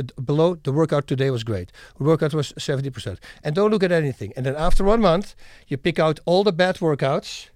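A man telling lively stories and acting them out in a casual chat, laughing often. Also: on the high side, no echo, clean studio sound. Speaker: guest, former fighter and actor. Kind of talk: casual storytelling.

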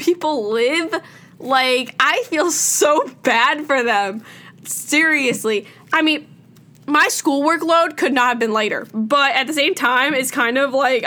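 Teen girl vlogger, high bright voice, dramatic rant, crackly mic. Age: teens. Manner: dramatic, exasperated, filler-heavy valley-girl talk. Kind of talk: casual rant to camera. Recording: crackly noise.

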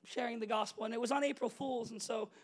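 A young adult man preaching a casual, story-driven sermon as pastor, animated and conversational, laughing often and checking in with the congregation. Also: very high voice, quick pace. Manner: animated, conversational, laughs often, asks "you know what I'm saying?".

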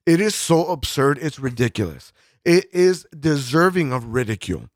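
A man in loose podcast banter, cursing nearly every sentence and stumbling through restarts. His voice sits fairly high, and the recording is dry and close. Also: very animated, normal speed, no room sound. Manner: profane, rambling, full of fillers and restarts. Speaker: podcast co-host. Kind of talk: casual podcast chat.

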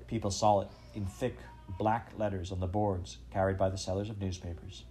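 A man narrating a children's story in an expressive, measured reading. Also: low voice, faint music behind, rough recording. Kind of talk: audiobook storytelling.

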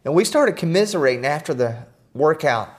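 A man's voice: on the high side, a little fast. Earnest middle-aged man telling stories. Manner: earnest, animated, self-deprecating humor. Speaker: guest. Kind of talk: storytelling in conversation.

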